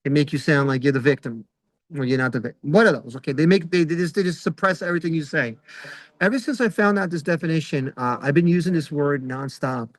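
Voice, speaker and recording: A man's voice: fairly high pitch, quick pace, no echo, rough recording. A middle-aged man doing a rambling stand-up comedy set over a video call, full of fillers and acted-out quotes. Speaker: stand-up comic.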